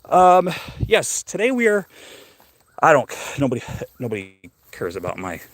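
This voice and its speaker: A man's voice: fairly high pitch, wildly swooping pitch, normal speed, no echo. A middle-aged man hosting a casual live stream while walking outdoors through a cemetery, slightly out of breath, rambling and curious as he chats with viewers.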